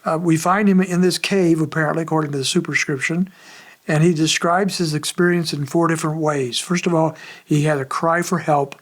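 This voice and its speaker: Higher-pitched male pastor, conversational, unhurried expository sermon. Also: steady tone. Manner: conversational, measured preaching with frequent pauses.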